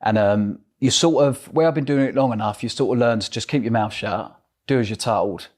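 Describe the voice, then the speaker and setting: A man's voice: medium pitch, fairly quick, a little mellow. A middle-aged man with an Essex accent, an interview guest telling his story animatedly and acting out the voices of others. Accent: Essex English. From England.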